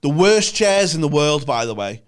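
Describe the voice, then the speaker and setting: A man's voice: fairly high pitch, big pitch swings, normal speed, clear, resonant tone. Sweary ranting Northern English man. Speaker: podcast guest. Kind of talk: casual chat.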